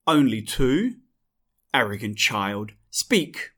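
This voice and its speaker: A man's voice: mid-range voice, big pitch swings, takes it slowly, fairly bright tone, breathy edge, heavily acted. A man voicing a towering, wrathful male god of the dead who speaks in an imperious, scornful way.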